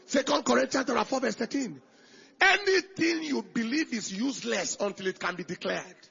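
A man preaches in a high, bright voice with a heavy rasp and a gravelly edge. He repeats phrases, drops to near whispers, then shouts out declarations. The sermon recording sounds dull and lo-fi. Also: lively intonation, normal speed. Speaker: pastor.

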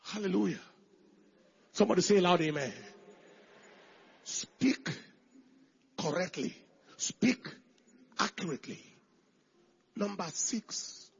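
A man preaches in a high, bright voice with a heavy rasp and a gravelly edge. He repeats phrases, drops to near whispers, then shouts out declarations. The sermon recording sounds dull and lo-fi. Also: slow pace, pauses often. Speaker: pastor.

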